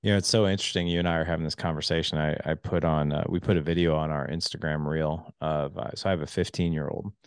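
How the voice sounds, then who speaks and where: A middle-aged man hosting a casual podcast interview, telling stories with many fillers and jumping high when he quotes people. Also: fast talker, few pauses, smooth, no echo, clean studio sound. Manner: animated storyteller, many fillers, voice jumps high when quoting. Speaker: podcast host.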